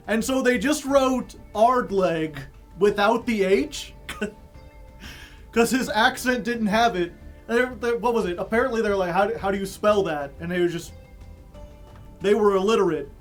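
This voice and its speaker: A man's voice: sits high, moderate pace, long pauses, faint music behind. A young man streaming a card game, chatting casually and rambling through joking stories with frequent laughs. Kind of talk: casual chat while playing a card game.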